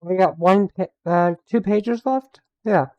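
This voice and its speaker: A woman's voice: mid-range voice, unhurried, no echo, muffled recording. A woman chatting casually and encouragingly with a friend on stream. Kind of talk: casual chat.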